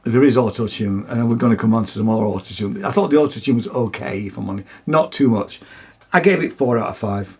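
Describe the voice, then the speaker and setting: This husky, mid-range male voice moves quickly as he co-hosts a music podcast, chatting casually and offering opinionated takes. He's chatty and often restarts his sentences.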